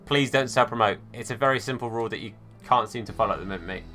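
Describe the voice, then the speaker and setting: A man's voice: mid-range voice, racing, pushed and bright, faint music behind. A man live-streaming a football game, chatting casually and answering viewers by name, calling them mate and fella.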